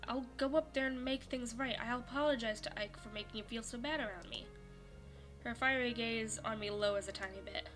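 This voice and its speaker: Young woman, bright tone, slightly high voice, game narration, animated reactions, faint music behind. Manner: animated, laughing, shrieking reactions between readings. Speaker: streamer playing a visual novel. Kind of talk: reading a game script aloud with commentary.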